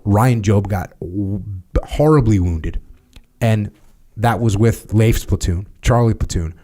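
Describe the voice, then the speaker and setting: An American man with a lowish, dark, mellow voice, speaking steadily and matter-of-factly. He talks in a relaxed podcast conversation and drops in casual fillers as he thinks aloud. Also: takes it slowly. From United States. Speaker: former Navy SEAL leader.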